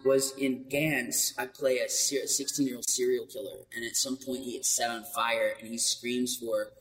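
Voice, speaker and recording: A man voice actor with a light, high voice, chatting animatedly in an interview and laughing between quick asides. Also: level tone, a bit bright, in a large hall, poor audio. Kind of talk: casual interview storytelling.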